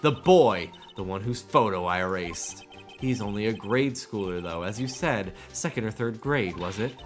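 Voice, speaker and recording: A man's voice: lowish voice, expressive, normal speed, soft background music, close to an everyday voice. A man reading a cool, curt young prosecutor. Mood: composed.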